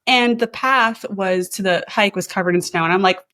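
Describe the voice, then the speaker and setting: A woman's voice: mid-range voice, normal speed, fairly bright tone. A woman in her thirties, originally from New Jersey, hosting a podcast in casual, chatty conversation that is full of laughter. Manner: chatty, laughs often, many likes. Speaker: podcast host. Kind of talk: casual chat.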